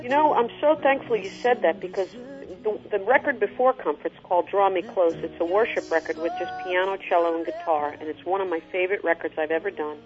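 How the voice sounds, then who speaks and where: A middle-aged woman with a husky voice, an interview guest talking animatedly about her singing and sometimes singing short phrases. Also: on the low side, a little fast, hardly any pauses, over music. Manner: animated, sings short snippets to illustrate. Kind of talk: conversational interview. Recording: tinny phone-like line.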